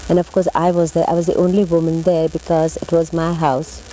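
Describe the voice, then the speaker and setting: A woman from India, interviewed for an oral history, telling her memories in a gentle, measured way that repeats phrases. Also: low-pitched, level tone, a little hiss or hum, low-quality recording.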